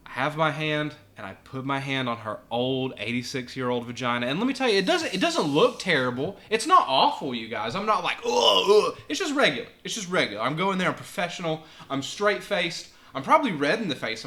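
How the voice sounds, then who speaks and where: A man spins a casual anecdote as a podcast guest. His voice is very bright and his pitch roams widely. He acts out the voices of others and often breaks into laughter. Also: sing-song, fairly quick, few pauses. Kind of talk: casual storytelling.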